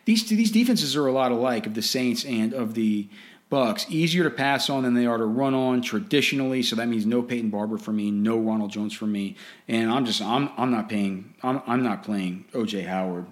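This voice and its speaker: A man's voice: medium pitch, normal speed. A man giving casual fantasy football and betting commentary in a blunt, opinionated way, often restarting and repeating words.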